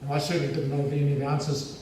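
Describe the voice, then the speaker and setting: A man with a New Zealand accent giving a lively, humorous storytelling speech as a guest speaker at a school assembly. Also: fairly high pitch, racing, slight background noise. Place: large school hall. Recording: echoey hall from far off.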